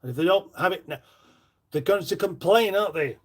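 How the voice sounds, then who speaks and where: A man's voice: high-pitched, lively intonation, fairly quick. A middle-aged man hosts a casual live stream from his kitchen, reading out viewer comments with rambling, dry, self-mocking banter. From northern England. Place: home kitchen.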